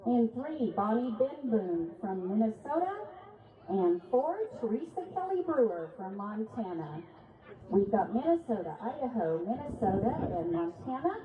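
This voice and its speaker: A woman announcing results and reading rules over an arena PA at a horseback event, measured and deliberate, apologizing when she stumbles over names. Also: on the high side, big pitch swings, phone-quality sound. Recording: echoey arena PA, phone-thin, noisy.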